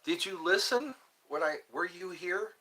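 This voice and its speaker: A man hosting a live stream alone, musing slowly and meandering while he answers viewer chat. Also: sits high, expressive, bright, forceful tone. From United States.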